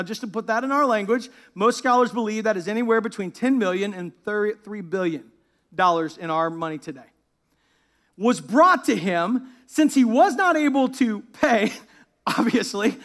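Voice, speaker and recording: High-voiced, animated preaching man. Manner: animated preaching, drops to a hushed tone when reading scripture; laughs at his own asides. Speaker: pastor. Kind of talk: sermon.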